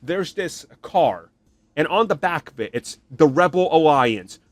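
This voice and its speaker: A man with a fairly high voice rants on his podcast, lively and opinionated, sometimes slipping into mocking put-on voices. The sound is dry and close, with no room around it. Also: measured pace, no room sound. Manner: animated, ranting, mocking voices in quotes. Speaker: podcast host. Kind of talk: opinionated solo commentary.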